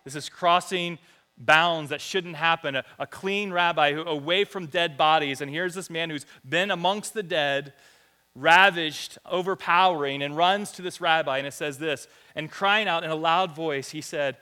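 A man's voice: on the high side, moderate pace, bright, forceful tone, smooth. A man preaching a sermon in a church, reading scripture and building to fervent repeated phrases. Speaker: pastor. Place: church hall.

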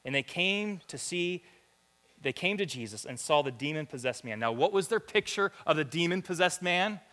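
A man's voice: a little high, expressive, normal speed, bright, forceful tone. A man preaching a sermon in a church, reading scripture and building to fervent repeated phrases. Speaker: pastor. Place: church hall.

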